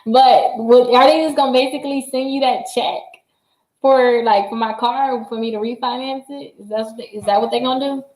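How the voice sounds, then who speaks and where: A woman hosting a casual livestream, chatty and excitable, laughing often and talking straight to her viewers. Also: on the high side, moderate pace. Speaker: credit repair livestream host. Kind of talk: casual livestream chat reading viewer comments. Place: her office. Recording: roomy echo.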